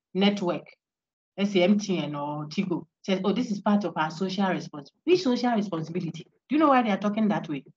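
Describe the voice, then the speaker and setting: Animated woman lecturing online. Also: mid-range voice, breathy edge. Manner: animated, asks rhetorical questions. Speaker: philosophy lecturer. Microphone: video call. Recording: lo-fi online call audio.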